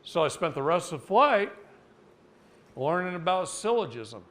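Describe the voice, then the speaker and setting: Blunt and folksy, this Oregon man gives a seminar lecture by telling a story and then drawing out its point, jumping in pitch as he acts out quotes. He speaks at a normal speed with a sing-song, somewhat bright voice.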